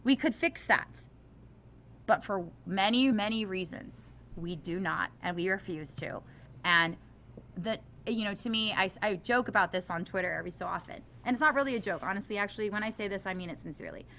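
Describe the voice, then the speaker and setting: A middle-aged woman teacher talks in an interview with a bright, forward voice. She is animated and self-deprecating, and turns impassioned as she argues her case. Faint background noise sits under the recording. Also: mid-range voice, brisk.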